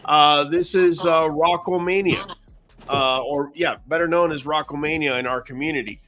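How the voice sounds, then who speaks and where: A man's voice: on the high side, steady tone, moderate pace, fairly bright tone. A man hosting a live podcast, upbeat and hyped, often calling people "man". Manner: upbeat, hype, says "man" a lot. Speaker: podcast host.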